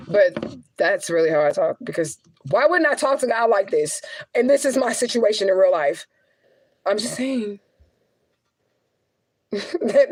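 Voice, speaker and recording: A woman's voice: mid-range voice, lively intonation, a little slow, long pauses. Candid, profane woman venting on a livestream. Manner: candid, profane, laughing often. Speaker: spiritual reader and medium.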